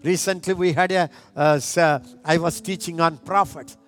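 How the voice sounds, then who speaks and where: Impassioned high-voiced male preacher. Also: fairly even intonation, normal speed, soft background music. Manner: impassioned, swinging from hushed to loud. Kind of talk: sermon.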